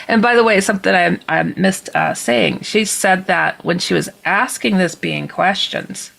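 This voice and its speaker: A woman guest telling a story in a lively, casual way, speaking into a computer on a video call. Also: fairly low pitch, unhurried, gravelly, few pauses, rough recording. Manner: lively, acts out quoted voices.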